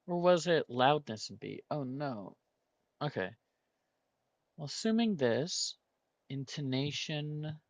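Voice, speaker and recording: A man's voice: on the high side, expressive, takes it slowly, pauses often, dry recording. A man hosting a gaming video, thinking aloud and muttering guesses as he works through a word puzzle. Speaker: gaming channel host. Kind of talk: casual puzzle-solving commentary.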